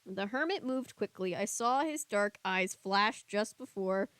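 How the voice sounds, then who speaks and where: A woman's voice: mid-range voice, animated, a little slow, a bit bright, smooth, dry recording. A young woman with a Southern US accent reading a children's book aloud on a stream, stopping to chat casually with viewers. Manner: reads the book, then chats casually with viewers.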